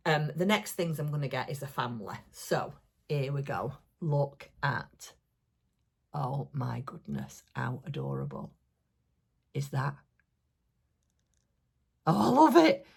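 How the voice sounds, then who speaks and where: A crafting vlogger talks through her show-and-tell in a low, slightly husky voice, slow and with long pauses. She gushes excitedly over every small thing, rambling with many fillers in a casual, homely way, like catching up with a friend.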